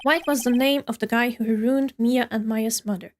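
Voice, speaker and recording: A woman's voice: fairly high pitch, fairly even intonation, normal speed, slight background noise. A woman streamer giving casual, giggly commentary while playing a game, chatty and often correcting herself.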